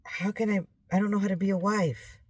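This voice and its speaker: A woman's voice: mid-range voice, fairly even intonation, fairly quick, darkish tone, slightly rough, no echo, recorded from a distance, pitched above the performer's own voice, natural voice. A woman voicing a timid little girl of about six who fears she is too young to marry, spoken anxiously. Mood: nervous. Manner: anxious, fretful.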